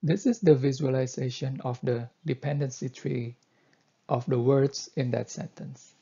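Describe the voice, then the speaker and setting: Male lecturer, slow deliberate coding tutorial, gravelly husky voice, dull lo-fi mic. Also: medium pitch, dark tone. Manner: slow, deliberate explaining with fillers. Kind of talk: screen-recorded coding tutorial.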